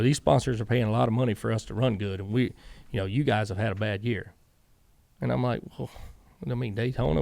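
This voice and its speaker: Speaking in a gravelly, mid-range voice, a man who used to be a crew chief spins long stories as a podcast guest. The interview is casual, and he animatedly performs everyone's quoted lines.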